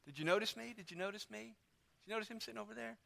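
A man's voice: high voice, fast talker, gravelly, sharp tone, voice pushed up, exaggerated voice. A man preacher voicing an exasperated woman hostess who accuses and demands, in a raised, indignant voice. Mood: complaining.

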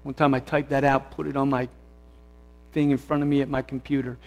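A man's voice: medium pitch, level tone, brisk, a little mellow. A man pastor preaching a sermon in a church, conversational and self-correcting, rising to fervent emphasis. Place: church sanctuary. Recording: long hall reverb.

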